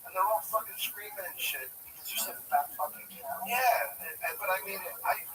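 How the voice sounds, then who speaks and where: Brief: former stand-up host, crude and profane, higher voice, off-mic with background noise. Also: male voice, lively intonation, normal speed. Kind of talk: loose comedy chat with stories. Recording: distant mic with noisy background.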